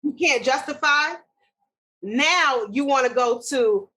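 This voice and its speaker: A woman's voice: on the high side, pushed and bright, low-quality recording. A woman co-hosting a podcast in casual chat, ranting with strong opinions. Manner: opinionated, ranting, quick asides. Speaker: podcast co-host.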